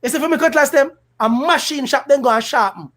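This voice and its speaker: Animated Jamaican man commentating. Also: very high-pitched, a little fast. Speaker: political commentator host. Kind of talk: casual livestream commentary.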